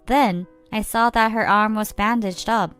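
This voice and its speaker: A young woman narrating a first-person story in a plain, steady way. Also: medium pitch, a little slow, smooth, soft background music.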